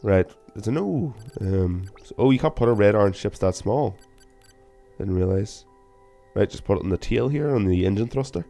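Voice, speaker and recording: Young gamer host, lowish voice, casual self-mocking commentary over faint game music. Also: male voice, normal speed, gravelly. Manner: casual, self-mocking, bursts of loud excitement. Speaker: gaming channel host.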